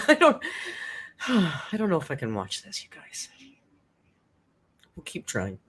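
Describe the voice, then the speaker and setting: Deep-voiced woman on a live stream, laughs a lot, swears, gets all choked up. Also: wildly swooping pitch, slow, fairly bright tone, husky. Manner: emotional, laughing often, swearing. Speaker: live-stream reaction host. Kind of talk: casual live-stream commentary.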